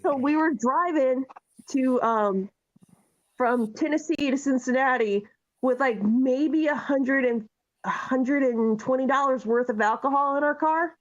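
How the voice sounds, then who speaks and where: A woman co-host telling a long story in casual chat, animated and full of swearing. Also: high voice, unhurried. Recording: dull lo-fi sound.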